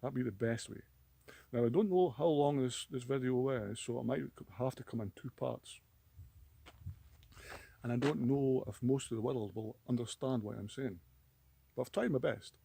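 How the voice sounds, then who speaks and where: A Scottish man talks straight to camera in a loose, rambling vlog. His voice is gravelly and mellow, and a faint hiss sits under it. He sounds aggrieved and stumbles over repeated words. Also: mid-range voice, normal speed, long pauses. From Scotland. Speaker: vlogger.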